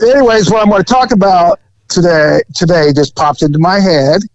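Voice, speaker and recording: A man co-hosting a podcast, telling a profane, animated story from his time as a police officer. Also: sits high, normal speed, dry recording, highs cut off. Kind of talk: casual storytelling chat.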